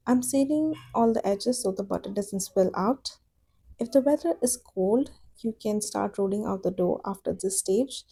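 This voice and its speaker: Calm woman explaining baking steps. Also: medium pitch, creaky, slightly rough, low-quality recording. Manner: calm, encouraging step-by-step explanation. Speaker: home baker. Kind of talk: cooking tutorial voice-over.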